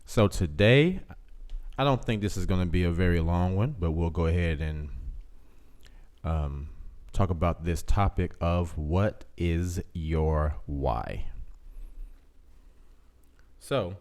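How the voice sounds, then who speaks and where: A man's voice: low-pitched, slow pace, pauses often, darkish tone. A man hosting a casual live show, chatting in a laid-back way with viewers and repeating himself. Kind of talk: casual livestream chat.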